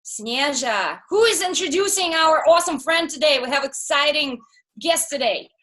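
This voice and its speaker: A woman's voice: sits high, expressive, moderate pace, bright, forceful tone. A woman co-hosting a dance talk show over a video call, joking playfully with her guests. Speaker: host. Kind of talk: casual talk-show chat.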